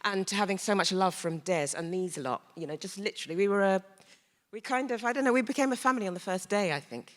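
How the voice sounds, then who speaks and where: A woman recounts stories on a theatre panel, lively and acting out the dialogue. Her pitch sits in the middle range. A long reverb hangs behind her voice. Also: quick pace. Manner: animated storyteller, acts out quoted dialogue. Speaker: stage actor on a panel. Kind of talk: panel discussion.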